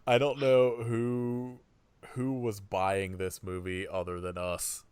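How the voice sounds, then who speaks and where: A man's voice: on the low side, monotone, slow, a little mellow, clean tone, dry recording. A man co-hosting a podcast, rambling casually with fillers and chuckles. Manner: rambling, laughs between thoughts, many fillers. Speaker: podcast co-host. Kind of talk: casual chat.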